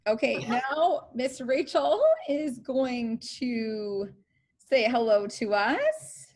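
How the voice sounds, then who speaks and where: High-voiced, slow-speaking woman hosting. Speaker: ceremony host. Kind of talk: hosting an online ceremony.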